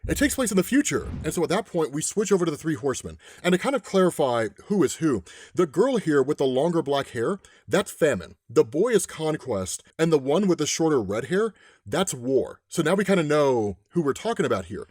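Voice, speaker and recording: A man's voice: fairly high pitch, very animated, a little fast, a little mellow, dry recording, clean studio sound. A man casually retelling a comic's story, often adding "right?" and "like". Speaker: comic recap narrator.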